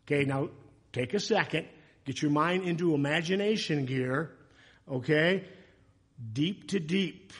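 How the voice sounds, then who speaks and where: A man preaching a sermon in a chatty, animated way, breaking into loud, emotional passages. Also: a little high, measured pace, long pauses, slightly rough. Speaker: pastor.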